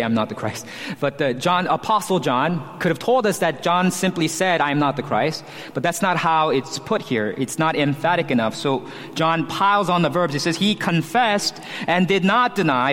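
Man preaching in a reverberant hall. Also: fairly high pitch. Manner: expository teaching, emphatic verse-by-verse explanation. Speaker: pastor. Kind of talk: sermon.

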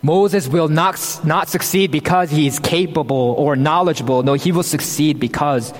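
A man with a high voice preaches a sermon, earnest and emphatic in his delivery. His words ring out with a long reverb, as if in a large church hall. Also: normal speed. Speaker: pastor.

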